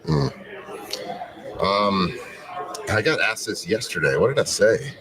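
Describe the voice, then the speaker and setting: Guest in his 40s, low lively voice, joking and easygoing, mic a bit distant. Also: slow pace, a crowd in the background. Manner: laid-back, joking, rambling with fillers. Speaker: former quarterback guest. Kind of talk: casual interview chat. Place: radio row at a media event.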